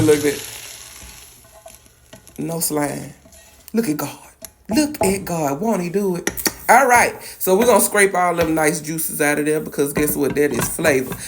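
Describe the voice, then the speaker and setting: A home cook with a Louisiana accent demonstrates a recipe in her kitchen, chatting in a sassy, coaxing way. Her voice is on the low side, with background noise including a faint sizzling pan.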